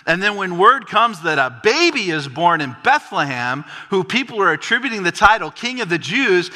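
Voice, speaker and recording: A man preaches through a passage in a big sanctuary, his bright, forceful voice ringing with long reverb. He presses points hard and sinks low and quiet for the weighty lines. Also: sing-song, normal speed, hardly any pauses. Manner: emphatic, dropping low for solemn points. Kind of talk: expository sermon.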